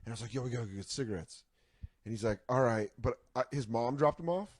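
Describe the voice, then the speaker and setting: A man's voice: medium pitch, fast talker, no echo. A man in loose, casual chat, telling a profane story with lots of energy and acting out everyone's voices. His voice sits in an ordinary middle range. The recording is dry and close. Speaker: comedian telling stories.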